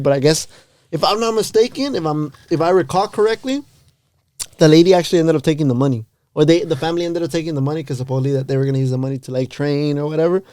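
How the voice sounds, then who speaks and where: A man's voice: on the high side, quick pace, dark tone, no echo. A young man from Los Angeles co-hosting a podcast, rambling through stories in slangy, casual chat and laughing often. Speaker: podcast co-host.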